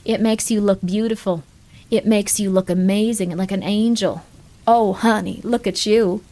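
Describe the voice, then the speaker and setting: A woman voicing a doting husband who gushes flattery at his wife. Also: mid-range voice, moderate pace, lightly acted. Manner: gushing, flattering.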